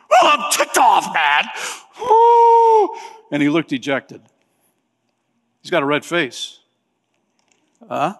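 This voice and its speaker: Male pastor, sermon, animated storyteller, sudden shouts, long hall reverb. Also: on the high side. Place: church sanctuary.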